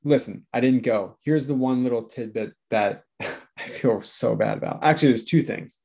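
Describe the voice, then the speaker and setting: A man in his thirties, chatting casually as a podcast co-host. He tells stories in a sheepish, self-deprecating way and drops swear words freely. His voice sits at an ordinary middle pitch for a man. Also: moderate pace, gravelly, darkish tone, slightly rough. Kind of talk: casual chat.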